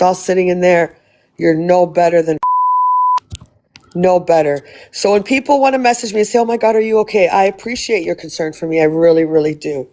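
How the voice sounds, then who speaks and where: A woman's voice: on the low side, background noise. A woman host on a livestream, indignantly condemning someone. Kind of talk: livestream commentary.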